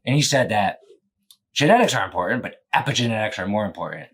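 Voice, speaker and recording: Young guy hosting a podcast, kinda husky, goes up and down a lot, swears casually and rambles. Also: on the low side, lively intonation, fast, fairly bright tone. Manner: rambling, joking, swears freely. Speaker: podcast host and business owner.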